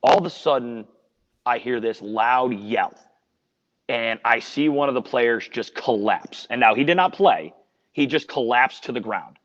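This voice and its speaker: A man's voice: medium pitch, expressive, unhurried, fairly bright tone. Earnest man rambling through a story. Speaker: sports radio reporter. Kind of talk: casual podcast storytelling. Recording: dull lo-fi audio with long reverb.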